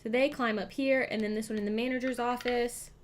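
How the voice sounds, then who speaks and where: A woman's voice: on the high side, steady tone, a little fast, background noise. A woman hosting a live board game stream, chatting, thinking aloud about her moves and thanking her chat. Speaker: streamer host.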